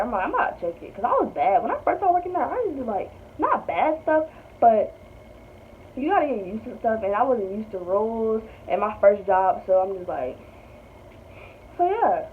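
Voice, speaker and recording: A young woman, telling a story in a chatty, blunt way with lots of swearing. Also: fairly high pitch. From North Carolina. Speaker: vlogger. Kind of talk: casual storytime. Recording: tinny phone-like audio with faint hiss.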